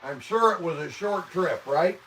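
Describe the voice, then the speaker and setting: Reacting to viewer comments with mock-indignant swearing, this livestream host is a man from the American Midwest broadcasting casually from inside his home. His fairly high, expressive voice is fairly bright and moves at a moderate pace. The recording picks him up from a little way off the mic, with slight hiss or hum.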